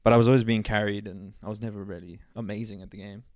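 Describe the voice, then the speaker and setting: A man co-hosting a casual gaming podcast, laid-back and hesitant, often trailing off quietly. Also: on the low side, steady tone, fast, dry recording, studio quality. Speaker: podcast co-host.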